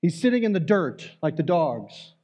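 Guy preaching a sermon, kinda higher voice but mellow and dark, earnest and chatty. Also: sing-song, normal speed. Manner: earnest, conversational preaching with fillers and restarts. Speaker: church elder preaching.

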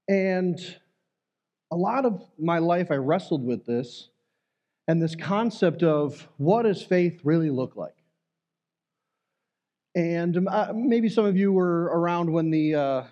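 Guy preaching a sermon, kinda higher voice but mellow and dark, earnest and chatty. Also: highs cut off. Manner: earnest, conversational preaching with fillers and restarts. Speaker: church elder preaching.

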